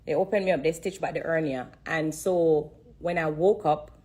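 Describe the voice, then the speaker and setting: A woman with a low, husky, dark-toned voice gives a heartfelt testimony on a social-media live through her phone. Her intonation stays fairly even and her pace moderate, though she repeats herself and is close to tears.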